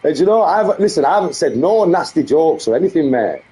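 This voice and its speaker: A man's voice: on the high side, sing-song, fairly quick, dark tone, breathy edge. A middle-aged man with a Birmingham accent, boasting and mocking in a swearing vlog rant. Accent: English, Birmingham. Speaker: vlogger. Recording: muffled lo-fi clip audio.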